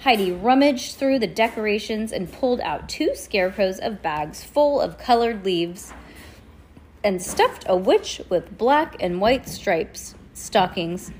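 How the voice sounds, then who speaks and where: A woman reading a children's chapter book aloud at home, casual, pausing to chat and correct herself. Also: mid-range voice, animated, darkish tone, a little hiss or hum. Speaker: reader.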